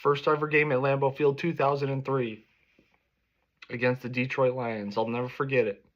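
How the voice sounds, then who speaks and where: A man's voice: mid-range voice, little pitch movement, moderate pace. Angry man ranting, profane, dull recording. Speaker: sports fan vlogger. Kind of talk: reaction rant.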